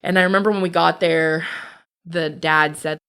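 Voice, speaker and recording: A woman's voice: lowish voice, fairly even intonation, normal speed, a bit bright, smooth. A woman, a podcast guest, telling her own life story in a blunt, candid, profane way. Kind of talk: personal storytelling.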